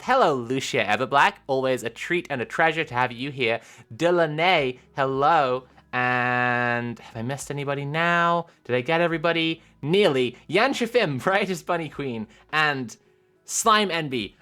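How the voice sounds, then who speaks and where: A woman streamer chatting casually with her viewers, animated and giggly, rambling with lots of filler sounds. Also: extremely low pitch. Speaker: live streamer.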